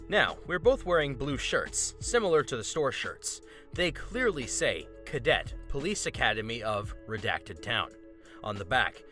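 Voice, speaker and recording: A man narrating an online story aloud in an expressive, steady way. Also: medium pitch.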